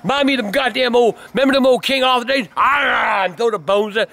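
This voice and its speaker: A man's voice: very high voice, very fast, a bit bright. An older man telling rambling stories full of cursing, snapping at his son whenever he interrupts. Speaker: grandfather telling family stories. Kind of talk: casual storytelling on camera.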